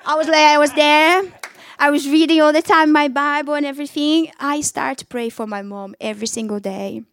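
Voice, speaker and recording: A woman's voice: sits high, steady tone, fairly quick, fairly bright tone, no echo, studio quality. A woman giving an emotional personal faith testimony, talking animatedly in conversational English with non-native phrasing.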